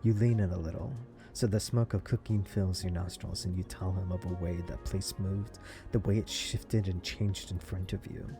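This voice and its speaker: A man playing a story game, reading its text aloud and breaking into excited comments and laughs. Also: deep voice, vocal fry. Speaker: let's play gamer.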